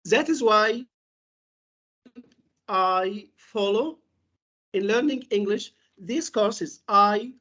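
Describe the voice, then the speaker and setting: Woman English teacher, unhurried webinar lecture, mid-range voice, repeats words drill-style. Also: medium pitch, fairly bright tone, dull audio.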